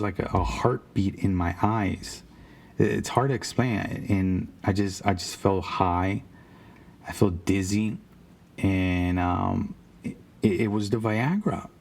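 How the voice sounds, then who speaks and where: A man's voice: on the low side, creaky, darkish tone. A man casually telling a rambling, profane story about his days as a car salesman. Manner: rambling, profane, with frequent restarts.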